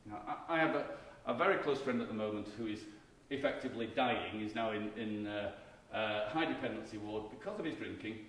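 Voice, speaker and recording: A man's voice: fairly low pitch, a little fast, few pauses, a bit bright. Middle-aged man lecturing in an echoey hall. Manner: conversational, emphatic lecturing with frequent restarts. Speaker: keynote speaker, marketing professor. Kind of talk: conference lecture. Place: conference hall. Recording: echoey hall recording with faint background noise.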